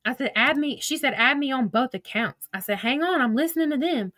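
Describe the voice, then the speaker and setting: A woman's voice: sits high, lively intonation, brisk, fairly bright tone, dry recording. A woman telling a story in a casual way, reading out old text messages with blunt, profane asides. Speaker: commentator recounting drama.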